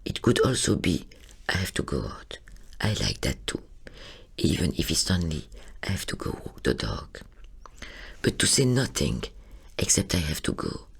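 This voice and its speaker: A woman reading a literary monologue, husky and creaky, often sinking into a whisper. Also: a bass voice. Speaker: narrator.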